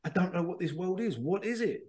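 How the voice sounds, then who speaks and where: A man's voice: high voice, animated, brisk, a little mellow, pitched above the performer's own voice. A man putting on a bewildered wandering crab. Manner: wide-eyed, questioning. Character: curious bewildered male crab out of the bucket.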